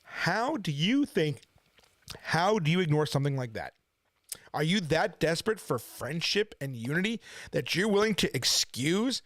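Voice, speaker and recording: A man's voice: high voice, a bit bright, no room sound, clean studio sound. A man at home in his kitchen, ranting indignantly in casual commentary, firing off rhetorical questions. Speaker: preacher and channel host.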